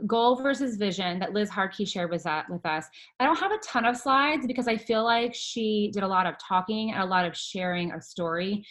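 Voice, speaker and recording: Woman, casual talk, rambling, filler words, video call mic, mid pitch. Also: pushed and bright. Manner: chatty, rambling, many fillers and restarts. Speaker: presenter sharing a team training recap. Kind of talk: casual presentation.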